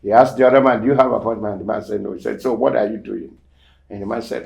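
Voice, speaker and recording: A man hosting a show, casually telling a testimony story and acting out the quoted dialogue, swinging between loud emphasis and near-whispered asides. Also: on the low side, fairly even intonation, quick pace, vocal fry. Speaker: show host.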